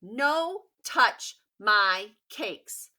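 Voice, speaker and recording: Woman putting on a tiny stubborn girl. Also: medium pitch. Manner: loud, slow, clipped baby talk. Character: tiny stubborn little girl, bossy and blunt.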